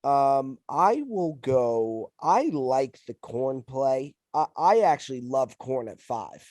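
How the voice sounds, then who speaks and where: A man's voice: medium pitch, lively intonation, takes it slowly, a little mellow, dry recording. A man hosting a podcast while feverish, emphatic and repeating his phrases in casual chat. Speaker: podcast host.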